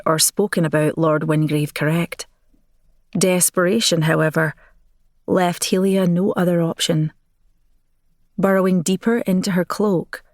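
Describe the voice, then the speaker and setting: A woman narrating a romance audiobook in a measured, expressive storytelling manner, recorded on a close studio mic. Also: on the low side, no echo.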